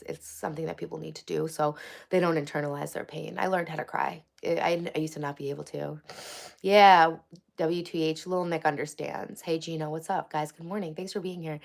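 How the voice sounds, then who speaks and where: A woman's voice: lowish voice, gravelly. A woman hosting a casual livestream, teary and crying on and off, talking candidly and reading viewer comments aloud. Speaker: livestream host.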